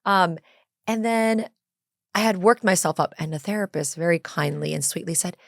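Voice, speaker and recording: A woman hosting a podcast interview, eager and affirming, often agreeing warmly with her guest. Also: fairly low pitch, normal speed, vocal fry, no echo, studio quality. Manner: enthusiastic, affirming, often says "I love that". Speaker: podcast host. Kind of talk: casual interview chat.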